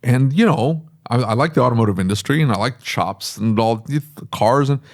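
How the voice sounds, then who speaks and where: A man, a podcast host who owns a repair shop, talking casually and telling animated stories with laughs. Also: normal speed. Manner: animated storytelling with laughs, sudden high pitch for quoted voices.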